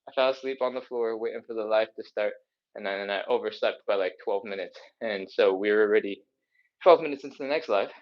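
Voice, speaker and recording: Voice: mid-range voice, dull audio. A fitness instructor leading a live follow-along stretching workout, counting reps and chatting between moves, out of breath. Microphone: streaming setup.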